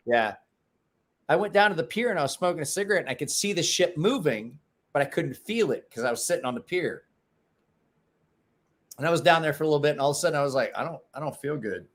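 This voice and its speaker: Man, livestream host, casual chat, swears freely, lively pitch. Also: fast talker, long pauses. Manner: animated storyteller, swears freely.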